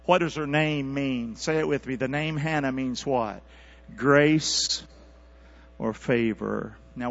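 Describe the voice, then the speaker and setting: A man preaching a sermon as pastor, calling out for responses from his congregation and swinging from quiet asides to loud, high-pitched exhortation. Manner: calls for congregation responses, animated rising delivery. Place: church sanctuary. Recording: dull lo-fi church recording with mains hum.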